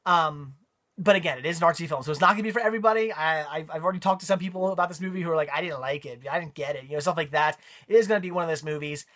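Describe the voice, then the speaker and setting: A man's voice: fairly high pitch, very fast, fairly bright tone. A man giving a casual spoken movie review, rambling with frequent ums and repeated words.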